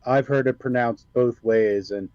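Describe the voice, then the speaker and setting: A man's voice: medium pitch, measured pace, darkish tone, dry recording. A man joining a casual group chat from a call, explaining things in a know-it-all way. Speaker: call-in guest. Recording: dull muffled call audio.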